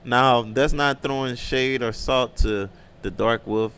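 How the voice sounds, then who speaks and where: A male wrestler talking as a podcast guest in a laid-back, easygoing way. His voice sits at an ordinary pitch for a man, with a faint background noise behind him. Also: fairly even intonation, slow pace, a bit bright. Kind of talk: casual chat.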